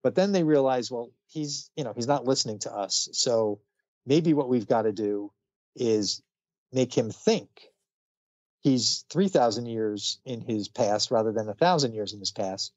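A man's voice: mid-range voice, measured pace, a little mellow, no echo, highs cut off. A man casually retelling a comic book story on a podcast, chatty, with many fillers and frequent laughs. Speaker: podcast co-host.

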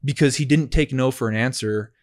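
A man's voice: mid-range voice, a little fast. A man co-hosting a podcast, telling a casual story about coaching his door-to-door sales reps and checking in with his listener as he goes. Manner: explains with rhetorical check-ins; acts out customer and rep dialogue. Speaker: podcast co-host.

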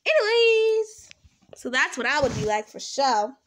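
A woman's voice: high-pitched, very animated, a little slow, background noise. A young woman chatting casually to her camera in a rambling, self-talking vlog, drawing out her words. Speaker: slime vlogger. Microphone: camera set up nearby.

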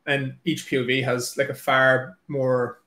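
A man's voice: mid-range voice, level tone, measured pace, sharp tone, echoey room. An Irish man, an author, chatting casually and nervously with lots of fillers and restarts. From Ireland. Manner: self-deprecating, nervous, many filler likes and restarts. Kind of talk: casual chat, then reading aloud.

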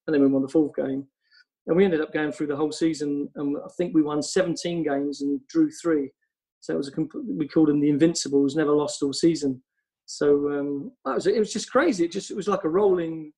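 A man's voice: fairly high pitch, warm tone, low-quality recording. A man, a football coach, telling long casual stories on a podcast, rambling with lots of ums. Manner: rambling anecdotes with frequent ums.

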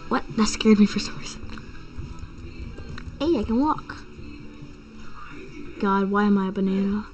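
A woman's voice: medium pitch, unhurried, darkish tone, soft background music, poor audio. A woman giving goofy, chatty let's-play commentary as she reacts to a video game. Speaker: gamer.

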